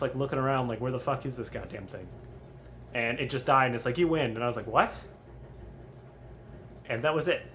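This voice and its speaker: A young man streaming casual game commentary, rambling and swearing freely between frequent ums. His pitch sits in an ordinary middle range. A faint hiss of background noise runs under the recording. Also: a bit bright. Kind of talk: casual crude gaming commentary.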